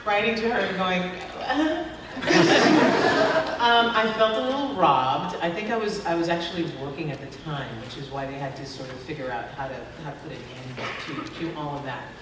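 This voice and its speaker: A woman's voice: deep voice, normal speed. A woman as an actress answering questions at a convention panel, chatty and laughing often, with many fillers. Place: large convention hall. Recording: echoey hall from far off, noisy.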